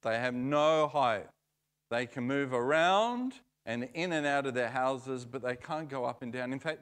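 A man preaching in church, telling a story in an unhurried, playful way. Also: mid-range voice, a bit bright, clean tone. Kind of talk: storytelling sermon.

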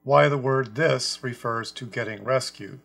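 A man teaching a scripture lesson about a translation, speaking deliberately and stressing quoted words. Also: medium pitch, creaky, fairly bright tone. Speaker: Bible teacher.

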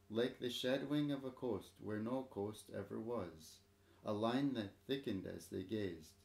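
Man narrator, low gravelly voice, measured dramatic storybook reading, echoey room. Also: darkish tone.

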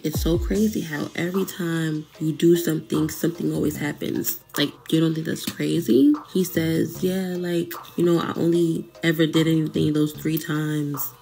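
A woman calmly recounting a painful breakup in casual storytelling, wryly quoting both sides of the dialogue. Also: sits low, vocal fry. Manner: calm, wry, quotes dialogue.

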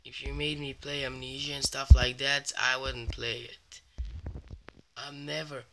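A man's voice: mid-range voice, little pitch movement, unhurried, creaky, background noise. A young man hosting a horror game let's play, whispering and exclaiming in fear as he plays. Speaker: gaming channel host.

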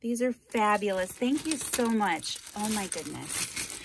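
A woman hosting a craft vlog, opening a package on camera and gushing with delight, with frequent exclamations and breathy asides. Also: mid-range voice, unhurried, noisy background. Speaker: craft channel host. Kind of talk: unboxing vlog.

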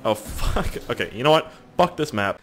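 A young gaming YouTuber rambles through casual gameplay commentary, swearing and joking with his viewers. His mid-range voice is expressive and fairly bright, at a normal speed, with slight background noise.

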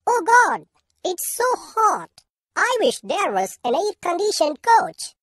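A woman's voice: very high-pitched, sing-song, slow pace, a bit bright, no echo, clean studio sound, full character voice. A woman voicing a fussy, spoiled male town mouse in a cartoon who complains and whines. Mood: complaining. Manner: whiny, complaining. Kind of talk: animated cartoon voice acting.

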